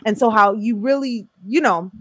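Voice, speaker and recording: A woman co-hosting a casual faith conversation at home, chatty and quick to laugh, with lots of fillers. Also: a little high, dry recording, studio quality. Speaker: podcast co-host.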